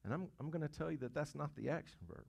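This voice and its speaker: A man's voice: fairly high pitch, quick pace, vocal fry, a little mellow, slightly rough. A man preaching a sermon. He asks the congregation questions, repeats words as he goes, and swells to emphatic peaks. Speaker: pastor.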